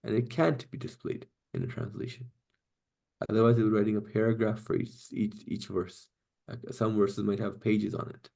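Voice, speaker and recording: A man's voice: on the low side, steady tone, moderate pace, creaky, warm tone. A man teaching an online class, explaining step by step and often checking in with "right?" and "okay?". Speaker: Quranic Arabic teacher.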